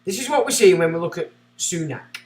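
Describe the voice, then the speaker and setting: A man hosting a livestream reads passages aloud and breaks off into scornful, sarcastic rants. His voice is high-pitched, animated, a little fast, and darkish in tone, recorded in an echoey room from a distant mic.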